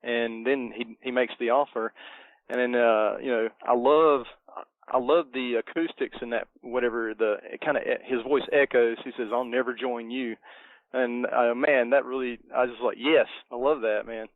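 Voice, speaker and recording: A man's voice: mid-range voice, steady tone, normal speed, no room sound. A middle-aged man cohosting a podcast, talking casually and hesitantly with lots of fillers. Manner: hesitant, many fillers, nostalgic. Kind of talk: casual movie review chat. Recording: dry tinny phone-like line.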